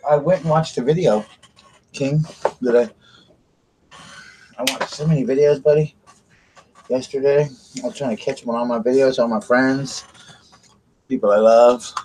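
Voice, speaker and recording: A man's voice: medium pitch, fairly even intonation, normal speed, pauses often, a little mellow, slight background noise, rough recording. Chatty man live-streaming. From South Carolina, USA. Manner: rambling, chatty, talks straight to viewers. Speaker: vlogger. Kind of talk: casual live-stream chat. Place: home bedroom at night.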